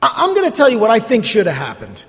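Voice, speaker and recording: A man's voice: very high-pitched, wildly swooping pitch, fast talker, creaky, fairly bright tone. A man from North Jersey with a New Jersey accent, preaching a sermon in a conversational way with sarcastic asides and repeated words. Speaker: pastor. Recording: long hall reverb.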